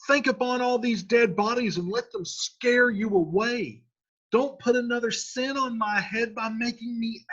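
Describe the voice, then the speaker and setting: A man's voice: mid-range voice, sharp tone, husky, muffled recording. A man reading the part of a desperate, grief-stricken young male lover from a classic play aloud, in a pleading, urgent voice.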